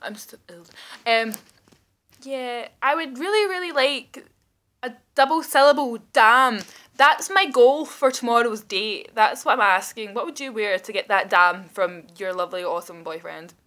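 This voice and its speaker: A woman in her thirties who talks in a rambling, excitable, self-mocking way, recording a casual video message while sitting at home. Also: a little high, moderate pace. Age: 30s. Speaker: vlogger. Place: indoors at home, seated.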